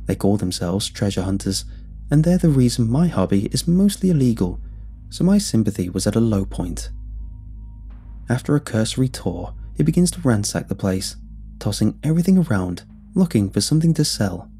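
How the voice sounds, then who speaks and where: A man narrating a scripted horror story in a measured, deliberate way. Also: on the low side, big pitch swings, warm tone, slightly rough. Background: faint music.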